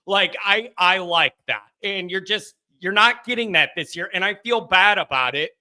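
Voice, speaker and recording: A man's voice: sits high, pushed and bright. A man hosting a call-in sports show, rambling casually and joking about himself. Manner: rambling, self-deprecating, quick laughs. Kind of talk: casual sports talk monologue.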